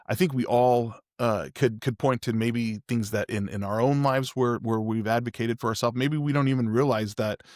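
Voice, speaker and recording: This man, a podcast host, shares a personal story casually, rambling candidly and frequently starting over. He speaks in a mid-range voice, captured at studio quality with no echo.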